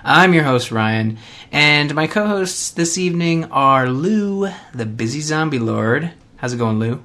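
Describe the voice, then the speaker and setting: A man's voice: a little high, lively intonation, unhurried, pushed and bright. A man hosting a podcast in a playful, jokey casual chat. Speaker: podcast host.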